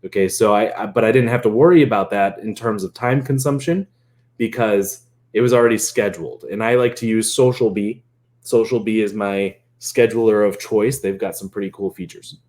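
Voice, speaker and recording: A man coaching on marketing in a casual, animated way, laughing often and acting out quoted chats. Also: on the low side, normal speed. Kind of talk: casual explainer.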